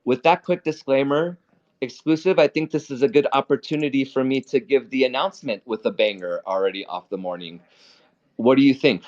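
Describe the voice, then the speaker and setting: A man's voice: medium pitch, a little fast, a little mellow. A man hosting a casual live trading talk, blunt and profane, who often repeats and restarts his words. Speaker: stock trading host. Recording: dull lo-fi audio.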